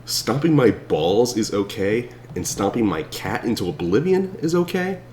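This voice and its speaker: A man doing comedic chatbot role-play, deadpan and then bursting into shouts. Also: lowish voice, moderate pace, a little hiss or hum. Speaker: streamer playing a chatbot.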